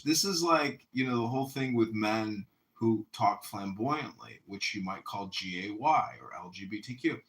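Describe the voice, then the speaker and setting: Man in a chat room, argumentative, emphatic, bright voice. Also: mid-range voice. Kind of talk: casual chat.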